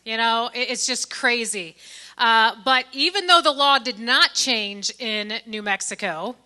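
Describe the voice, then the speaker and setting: A woman's voice: a little high, unhurried, sharp tone. A middle-aged woman from Indiana gives a keynote speech at a fundraising gala in a church hall, speaking into a handheld mic in a folksy, joking way and talking straight to the crowd. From Indiana, USA. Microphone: handheld microphone.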